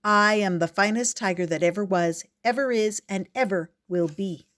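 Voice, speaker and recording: A woman voicing a vain, hungry male tiger with slow, strutting boasts. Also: mid-range voice, fairly bright tone, lightly acted. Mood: boastful.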